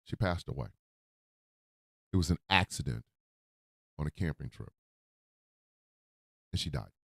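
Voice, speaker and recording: A man hosting a radio show, talking from the heart in a profane, emotional monologue that swings into loud outbursts. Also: rumbling low, animated, a little slow, creaky, slightly rough, no echo, clean studio sound. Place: radio studio.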